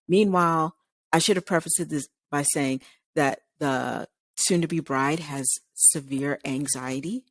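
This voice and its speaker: A woman's voice: sits low, slow pace, no echo. A woman co-hosting a radio talk show, telling a long story casually and acting out the people's lines as she goes. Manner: animated retelling, acting out quoted lines. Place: radio studio.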